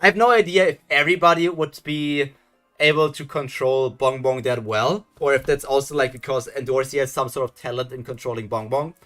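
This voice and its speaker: A man's voice: medium pitch, steady tone, a little fast, fairly bright tone. A man hosting a casual live reaction video, thinking aloud in a musing, hesitant way, with faint music behind him.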